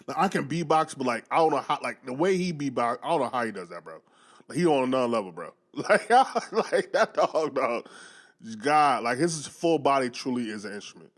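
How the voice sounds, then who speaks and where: A man in relaxed conversation, throwing in slang and laughing easily. He talks fast, and his pitch moves around a lot. His voice sits at an ordinary middle pitch. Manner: loose slangy talk, laughs often. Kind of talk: casual chat.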